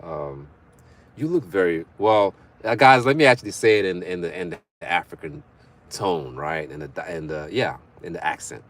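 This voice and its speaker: Low-voiced man chatting on a livestream. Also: normal speed, a bit bright. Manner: chatty, reads viewer comments aloud and banters; laughs often between remarks. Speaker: livestream host. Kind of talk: casual live chat.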